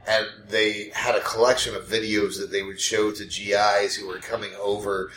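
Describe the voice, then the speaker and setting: A man's voice: lowish voice, level tone, normal speed, a bit bright, a little hiss or hum. A man hosting a podcast, telling stories in casual chat and laughing often. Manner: storytelling, laughs often, puts on silly voices. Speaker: podcast host. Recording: roomy echo.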